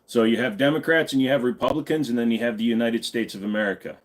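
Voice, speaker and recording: A man's voice: mid-range voice, steady tone, quick pace. A man in his forties hosting a live stream Q&A. He talks bluntly and casually and swears freely. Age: 40s.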